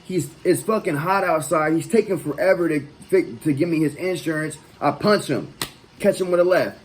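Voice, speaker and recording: A man's voice: fairly high pitch, normal speed, slight background noise, rough recording. A man hosting his own channel, telling a personal story in a loose, profane, conversational way. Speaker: vlog host. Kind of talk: casual storytelling.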